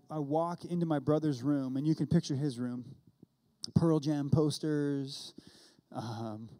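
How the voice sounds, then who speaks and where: A Californian pastor in his forties, with a warm, fairly high voice, tells a story during his sermon and acts out both sides of the dialogue. The recording has long hall reverb.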